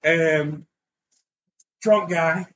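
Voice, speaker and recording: A man's voice: a little high, very slow. A man telling a bar story casually, acting out voices and swearing freely. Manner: animated, acts out voices in quotes, swears freely. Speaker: podcast co-host telling a story. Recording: dull lo-fi sound with clear background noise.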